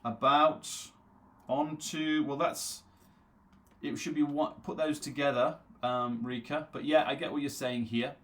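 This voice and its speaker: A man's voice: a little high, fairly even intonation, fairly bright tone. Man teaching a live online English lesson. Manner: reads viewer names aloud from the chat and answers them; repeats words slowly for pronunciation drills.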